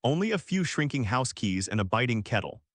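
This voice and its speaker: A man's voice: mid-range voice, sing-song, a little fast, dry recording, clean studio sound. A man doing a weary wizard father. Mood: tired. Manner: tired, chatty grumbling. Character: weary, kindly middle-aged wizard father.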